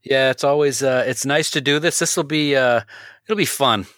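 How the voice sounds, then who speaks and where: A man's voice: mid-range voice, moderate pace, a bit bright, no echo, studio quality. A man co-hosting a podcast, chatting casually and trading playful jabs. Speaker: podcast co-host.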